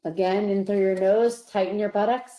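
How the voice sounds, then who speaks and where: Calm woman coaching relaxation, roomy sound. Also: medium pitch. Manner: calm, slow, coaching tone that softens on each release. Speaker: psychologist presenter. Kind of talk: guided relaxation instruction. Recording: roomy echo.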